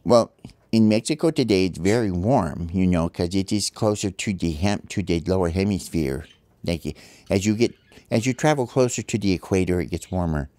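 A man voicing calm, brainy sparrow scientists who explain a teleporter in a formal, precise way. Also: low voice, moderate pace, dry recording, close to an everyday voice.

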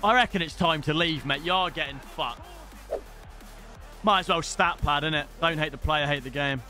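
A young British man commentating live on his own gameplay, excitable and casual, swearing freely and shouting at big moments. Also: a little high, normal speed, faint music behind. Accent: British English. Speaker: gaming streamer.

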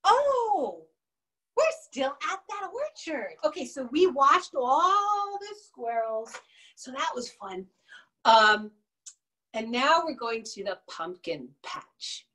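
Woman children's music teacher with a very high, lively voice, unhurried, singing and chanting with kids. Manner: sings and chants songs, bright and coaxing with kids. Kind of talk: children's music and movement class.

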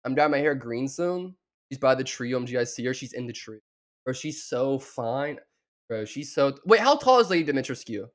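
This young streamer from the American South talks fast in a sing-song, mid-range voice with a Southern accent. Reacting to a show, he rambles through crude, mocking, profane commentary.

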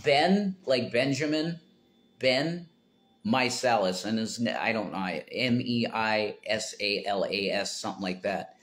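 A man's voice: on the low side, moderate pace, few pauses. Rambling man ranting about politics. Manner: rambling, self-interrupting, swings from mumbling to loud exasperation. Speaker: political commentator. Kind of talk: casual rambling monologue.

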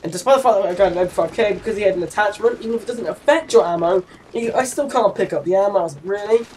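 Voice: medium pitch, racing, darkish tone, a little hiss or hum. A teenager in their late teens with an English accent, giving rambling, chatty gameplay commentary with giggly asides. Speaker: gaming channel host.

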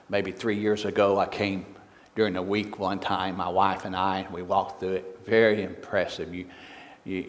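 A man preaching as a guest in a church, folksy and joking, who lifts his voice to read scripture. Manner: folksy and joking, reads scripture louder and higher. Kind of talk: sermon. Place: church sanctuary. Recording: long church reverb.

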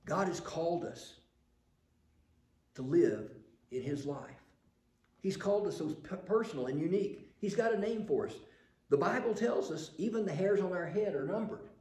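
A man's voice: sits high, animated, moderate pace, dark tone, echoey room. An older man preaching a sermon, telling stories and building to emphatic passages. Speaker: pastor.

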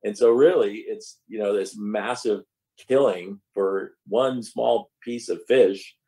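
A man's voice: on the low side, slow, mellow, rough recording. A man on a panel chatting conversationally, explaining his point at length. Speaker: crew member. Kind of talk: casual panel chat.

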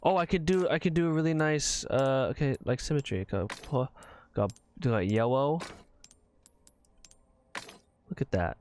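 Slow, goofy, swearing man streamer. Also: medium pitch, darkish tone, a little hiss or hum. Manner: profane, goofy, slips into silly voices. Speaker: gaming streamer. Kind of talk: live gameplay commentary.

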